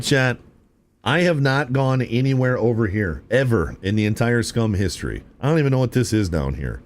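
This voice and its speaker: A man's voice: deep voice, slight background noise. A young man streaming a game live, chatting casually and laid-back with his viewers, often calling them "chat" and saying "dude".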